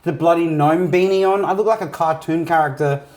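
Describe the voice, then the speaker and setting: A man's voice: on the high side, brisk, darkish tone. A young man, co-hosting a casual podcast chat over a meal, telling stories with crude jokes and lots of swearing. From Australia. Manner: crude, joking storyteller, swears a lot. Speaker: podcast co-host.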